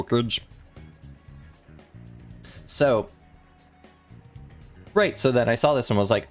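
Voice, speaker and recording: A young man on a casual study livestream, working through math problems out loud, rambling and correcting himself as he talks to chat. His voice is still a little rough from the morning. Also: medium pitch, animated, slow, long pauses, faint music behind. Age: young adult. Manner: rambling, self-correcting, chatty with chat readers. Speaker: vtuber math streamer.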